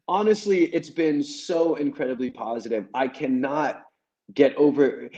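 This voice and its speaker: A man, a guest comic, telling stories in a casual, animated way and laughing as he goes. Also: fairly high pitch, measured pace, poor audio. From United States. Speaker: guest comedian. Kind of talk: casual storytelling.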